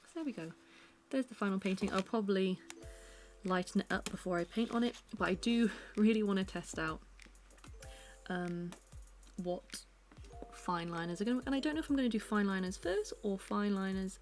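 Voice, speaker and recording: A woman's voice: mid-range voice, normal speed, faint music behind. A young British woman chatting casually at home while she sketches, rambling and self-deprecating. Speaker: art vlogger. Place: her living room at home.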